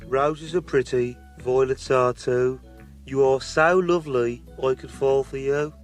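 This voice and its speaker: A man's voice: mid-range voice, fairly even intonation, measured pace, over music, close to an everyday voice. A man with a Black Country accent voicing an earnest, soppy dating-show contestant.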